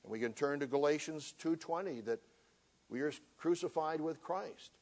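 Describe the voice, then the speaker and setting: A man's voice: fairly high pitch, moderate pace, darkish tone. A man preaching a sermon, earnestly reading scripture aloud with emphasis. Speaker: minister.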